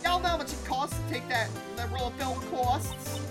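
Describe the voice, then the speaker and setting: A woman voicing a brash, loud Southern woman photographer, with a put-on Southern drawl and a bossy, folksy manner. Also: sits high, normal speed, loud music behind the voice, voice pushed up, natural voice. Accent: put-on American Southern drawl.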